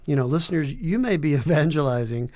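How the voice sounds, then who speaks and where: A man hosting an interview podcast, asking questions in a relaxed way and affirming the guest with short replies. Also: on the high side, quick pace. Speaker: podcast host.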